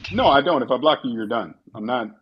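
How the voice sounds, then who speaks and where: A man on an audio call talking in an emphatic, animated way, telling stories and quoting others. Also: mid-range voice, quick pace, lo-fi sound, a little hiss or hum. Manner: emphatic, animated storytelling with quoted voices. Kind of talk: casual chat.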